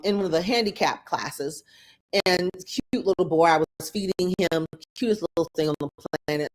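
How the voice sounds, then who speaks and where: A middle-aged woman hosting a podcast, telling a personal story in a conversational way, often repeating herself and acting out what others said. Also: on the low side. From Florida. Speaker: podcast host.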